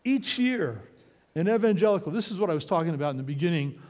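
Male pastor, high lively voice, church reverb, emphatic and jokey. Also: fast. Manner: animated, joking asides, emphatic repetition. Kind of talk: sermon.

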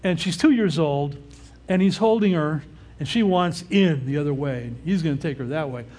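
Husky-voiced older male preacher. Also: on the high side, normal speed, darkish tone. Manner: informal, often checks in with the audience. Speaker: pastor. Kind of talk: conversational sermon.

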